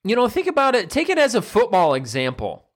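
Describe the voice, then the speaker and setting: A nutrition coach and personal trainer talks straight to the camera in a casual motivational monologue. His voice sits a little higher than most men's. He slips in playful quoted voices as he goes. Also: wildly swooping pitch, fairly quick.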